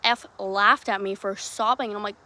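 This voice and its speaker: A young woman hosting her own podcast, telling a story casually, rambling and swearing, with many restarts, swinging between loud and hushed. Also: medium pitch, normal speed. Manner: lively, jumping from loud to hushed. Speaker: podcast host.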